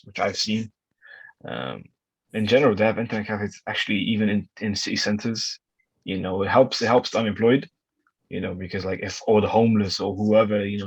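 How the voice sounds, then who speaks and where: A man's voice: lowish voice, breathy edge, no echo, poor audio. A young man from the UK, a podcast guest who pushes back emphatically in casual chat. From United Kingdom. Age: young adult.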